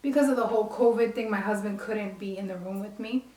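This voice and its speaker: Woman vlogger from the Bronx, lively storytelling to camera, echoey room. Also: medium pitch, quick pace. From Bronx, New York. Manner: animated, acts out quoted dialogue. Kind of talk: casual storytelling. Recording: roomy echo.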